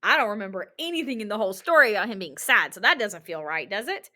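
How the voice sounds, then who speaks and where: A woman teacher giving a recorded reading lesson to children in an animated, encouraging way, asking lots of rhetorical questions. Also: mid-range voice, fast talker.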